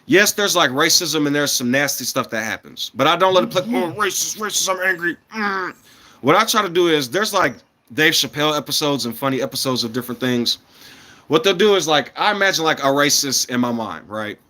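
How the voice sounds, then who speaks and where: A man in his thirties holds forth to his livestream viewers in a loose, rambling way, hopping between thoughts. His voice sits a little high and sounds bright and forceful. He chuckles often and swings between loud bursts and quiet, mumbled asides. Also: animated, a little fast. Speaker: livestreamer talking to chat. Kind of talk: casual rambling livestream chat.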